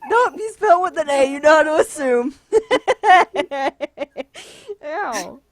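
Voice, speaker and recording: High, giggly young woman chatting. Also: expressive, drawn-out words, no room sound. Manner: giggly, breaks into laughing fits, bossy teasing. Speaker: channel host. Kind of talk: casual chat over voice call. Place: her room at home.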